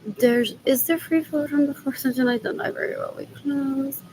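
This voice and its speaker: This Puerto Rican woman's voice sits high and is a little mellow, with vocal fry, at a normal speed. She vlogs about her day running errands, rambling, code-switching between Spanish and English, and repeating "what else." Poor audio carries a little hiss or hum.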